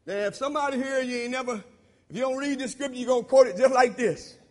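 Preaching fast, a man swings between loud shouting for emphasis and low murmured asides in an informal, repetitive sermon.

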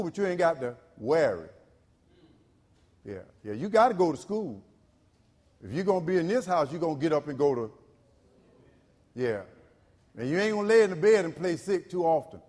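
A male pastor, preaching a sermon in call-and-response style. He repeats phrases and swings from loud to low. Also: long reverb tail.

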